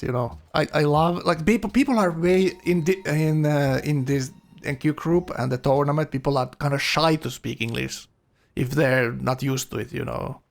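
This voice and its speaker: Brief: male game commentator, gravelly, slightly high, chatty. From Finland. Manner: chatty, laughs often, many fillers.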